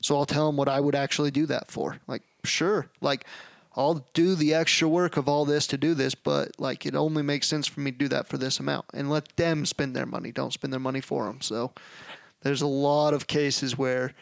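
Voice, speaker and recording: A man's voice: mid-range voice, fairly even intonation, moderate pace, creaky, dry recording. A young man hosting a podcast, explaining his business approach in earnest casual chat with loose phrasing. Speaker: podcast host, business owner.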